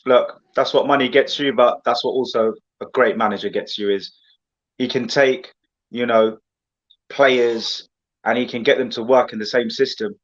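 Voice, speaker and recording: A man's voice: mid-range voice, normal speed, highs cut off. A man, a guest on a casual football chat show, ranting with passion and calling everyone "mate". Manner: animated, passionate, rambling rants with lots of "mate".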